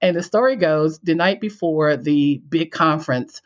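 A woman's voice: deep voice, normal speed, lo-fi sound. A woman guest telling her personal story in an interview. She acts out her own past lines and laughs as she tells it. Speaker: guest, coach and speaker.

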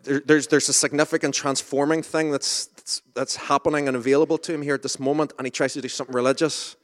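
A man's voice: a little high, little pitch movement, fast talker. A man preaching an informal sermon in a conversational, self-deprecating way, with asides and restarts. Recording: reverberant hall.

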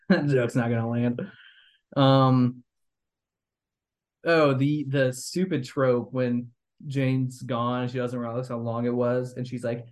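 A young man hosting a podcast, rambling critically about a movie with lots of fillers and restarts. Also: medium pitch. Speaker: podcast host. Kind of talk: casual movie review chat.

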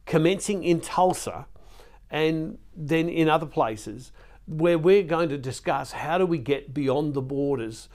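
A man's voice: on the high side, measured pace, a little mellow. Earnest male preacher, pleading tone. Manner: earnest, pleading, emotional at times; repeats words and restarts. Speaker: Catholic preacher. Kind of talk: devotional sermon to camera.

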